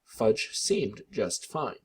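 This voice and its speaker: A man reading a children's book aloud in an expressive, animated narration. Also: lowish voice, very slow, slightly rough.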